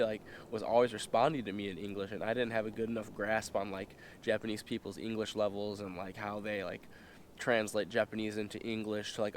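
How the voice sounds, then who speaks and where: With a voice on the low side, a young vlogger from the United States tells a story casually and profanely, using lots of fillers and acting out the quotes. Slight background noise is present.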